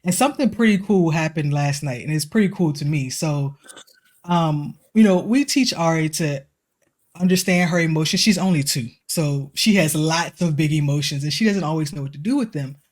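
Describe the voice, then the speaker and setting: A woman's voice: deep voice, moderate pace, a little mellow. A woman in her forties co-hosting a podcast, telling personal stories in a chatty way and acting out the voices of people she quotes. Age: 40s. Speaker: podcast co-host. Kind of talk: casual chat.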